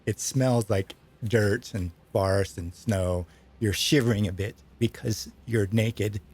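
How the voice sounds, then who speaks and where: A man's voice: on the low side, fairly even intonation, slow, a little mellow. A man narrating as game master of a tabletop role-playing game, describing scenes vividly in a casual way.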